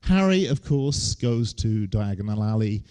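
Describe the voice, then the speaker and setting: A man's voice: lowish voice, very animated, a little slow, warm tone. A man, giving a humorous lecture on stage with wry, joking asides. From England.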